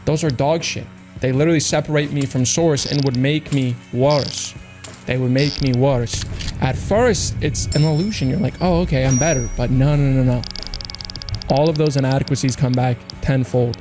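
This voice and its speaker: A young man streamer rambling through a profane motivational monologue, intense and preachy. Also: mid-range voice. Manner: intense, rapid, profane, self-help preaching with mocking put-on quotes. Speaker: streamer opening cases. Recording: music playing underneath.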